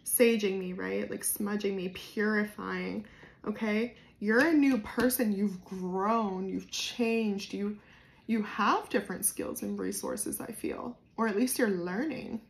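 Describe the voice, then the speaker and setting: A woman with a New Jersey accent giving a casual, spontaneous tarot reading to camera, swinging between soft musing and loud bursts. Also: mid-range voice, slow pace, creaky. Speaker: tarot reader.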